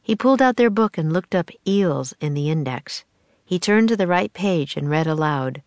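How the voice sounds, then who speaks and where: A woman narrating a children's storybook aloud in a measured, expressive way. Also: on the low side, no room sound. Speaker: audiobook narrator.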